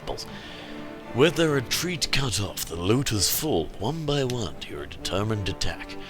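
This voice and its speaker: A man's voice: medium pitch, big pitch swings, a little slow, over music. A man rambling through let's-play commentary, joking and muttering asides to himself as he plays. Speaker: gamer.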